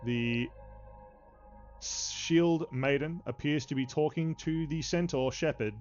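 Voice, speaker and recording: A man narrating as game master of a tabletop game, with many halting fillers, in a slightly dull recording with faint music behind. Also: on the high side, a little mellow.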